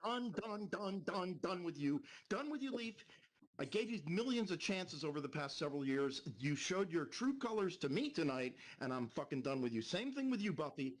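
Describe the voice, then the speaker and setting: A man's voice: high voice, big pitch swings, moderate pace. A man ranting on a live stream, angry and profane, repeating himself. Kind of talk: heated live-stream rant.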